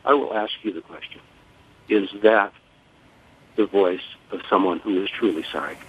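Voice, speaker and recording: An older man and grieving father speaking on a phone-in interview, measured, formal and deliberate. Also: sits low, a little hiss or hum. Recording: tinny phone line.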